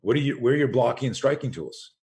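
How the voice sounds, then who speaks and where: Speaking at a quick pace and medium pitch, this man in his sixties is a self-defense coach appearing as a podcast guest. In a storytelling interview he animatedly performs quoted voices and repeats words as he restarts his thoughts.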